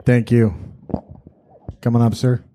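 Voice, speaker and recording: A man's voice: medium pitch, flat delivery, slow pace, mellow, dry recording. A man hosting an investor meeting, calling speakers up one by one in an upbeat way. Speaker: meeting host. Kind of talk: emceeing an investor meetup.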